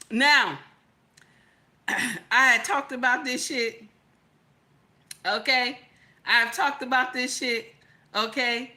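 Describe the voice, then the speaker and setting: A woman's voice: on the high side, steady tone, takes it slowly, pauses often. A woman hosting a live stream, reading the chat aloud in a sassy, teasing, chatty way. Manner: sassy, teasing, chatty with loud laughing outbursts.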